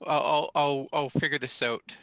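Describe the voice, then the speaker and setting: A man's voice: fairly high pitch, fairly even intonation, moderate pace, vocal fry, a bit bright, no echo, voice pushed up. A man voicing a flustered female receptionist who stammers apologetically.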